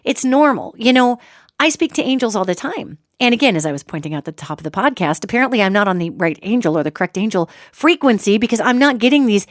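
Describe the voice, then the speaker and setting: A woman hosting a solo podcast, talking in an animated, joking way and acting out quoted voices. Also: a little high, fast talker, no echo, clean studio sound. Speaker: podcast host.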